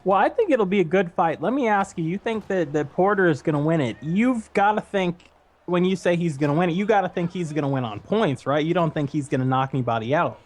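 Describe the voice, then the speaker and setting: A man's voice: a little high, lively intonation, brisk. Joking man co-hosting a stream. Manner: joking, rambling storyteller. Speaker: co-commentator on a stream. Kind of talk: casual live-stream chat.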